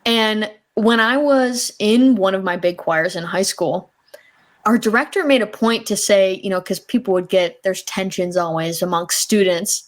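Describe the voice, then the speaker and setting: A woman guest who works with choirs, talking in an animated, chatty way full of fillers. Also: medium pitch, unhurried. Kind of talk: casual conversation.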